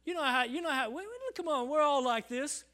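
High, bright-voiced preacher with dramatic swings. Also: male voice, expressive, a little fast. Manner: dramatic swings from loud calls to hushed near-whispers; acts out congregants in quoted voices, asks the crowd "Amen?". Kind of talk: sermon. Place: church service.

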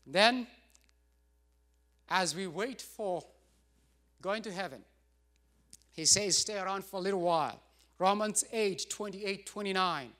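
A man's voice: sits high, fairly bright tone. A middle-aged man pastor preaching a sermon, emphatic and repetitive, with rising bursts.

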